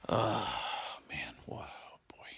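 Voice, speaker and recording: A hoarse man, rambling in mock-showman vlog chat and repeating "ladies and gentlemen" as he films at home. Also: lowish voice, big pitch swings, drawn-out words. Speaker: vlog host. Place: home, indoors.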